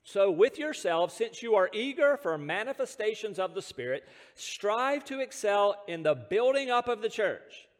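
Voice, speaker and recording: In a church sanctuary where his voice carries a long reverb, a pastor from the United States preaches a sermon in a high, light tone. His delivery is sing-song, at a moderate pace with few pauses, and he shares self-deprecating stories, chuckling between points.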